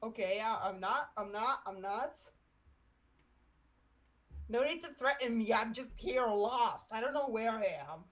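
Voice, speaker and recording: A woman's voice: a little high, a little slow, long pauses. A woman playing in a tabletop game, hesitant and stammering as she speaks in character. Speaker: player. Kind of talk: casual tabletop role-play.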